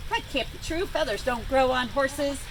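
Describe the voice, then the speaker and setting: A woman's voice: sits high, normal speed, noisy background. A woman voicing a vain, bossy rooster with an indignant, screechy manner in a read-aloud storybook.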